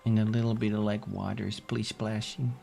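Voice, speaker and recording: A man's voice: fairly low pitch, level tone, normal speed, vocal fry, warm tone, soft background music. A man streaming a game, chatting casually and playfully with viewers. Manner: rambling, playful, hums and yawns. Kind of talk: casual gameplay chat.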